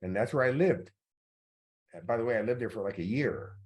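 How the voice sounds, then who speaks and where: A man's voice: medium pitch, lively intonation, brisk, a little mellow. A middle-aged man, a motivational coach, tells stories in a master class talk, with many fillers along the way. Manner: anecdotal storytelling with many fillers.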